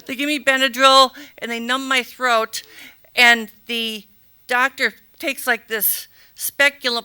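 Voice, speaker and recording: Bright clear-voiced woman doing a funny live story on a stage mic, self-mocking, acts out the gasps. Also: high-pitched.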